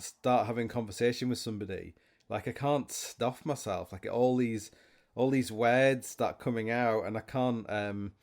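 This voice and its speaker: A man with a fairly low, darkish voice hosts a solo podcast, rambling through stories. He restarts often and drops self-mocking asides.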